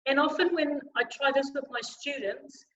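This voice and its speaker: A woman leading a choir through a vocal warm-up lesson on a video call, encouraging and demonstrating sounds aloud. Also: sits high, moderate pace. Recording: roomy, slightly dull video call audio.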